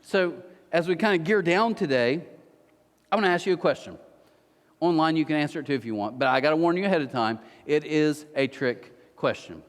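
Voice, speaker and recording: A man's voice: a little high, brisk, big-room sound. A man preaching a sermon as pastor, telling stories with playful asides. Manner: animated storytelling with playful asides. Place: church auditorium.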